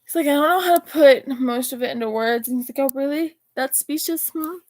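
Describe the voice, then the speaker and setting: A woman's voice: sits high, brisk, a little mellow, dry recording. A teenage girl casually reading her text messages aloud, rambling and swearing now and then. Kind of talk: casual chat reading out texts.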